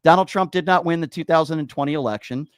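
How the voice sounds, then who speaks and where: A man's voice: a little high, quick pace, clear, resonant tone, no room sound. A man hosting a call-in political talk show, combative and sarcastic, insulting his callers.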